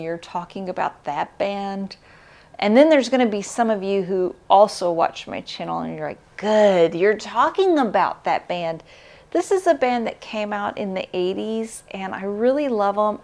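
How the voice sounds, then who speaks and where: A middle-aged woman hosting a vinyl record channel, talking casually to camera in a reflective, heartfelt way, often pausing with "uh" and "um.". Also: mid-range voice, darkish tone.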